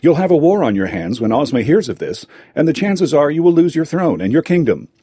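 A man's voice: a little high, very animated, fairly quick, warm tone, breathy edge, dry recording, studio quality, voice pushed up. A man voicing a clever, wry chief steward to a gnome king, in a storybook reading. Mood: stern. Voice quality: wry, matter-of-fact. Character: clever, dry-witted male steward to a king.

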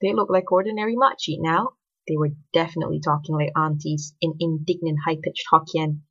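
A woman narrating a story in an expressive, scripted reading. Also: low voice, brisk, slightly rough. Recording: dull lo-fi recording.

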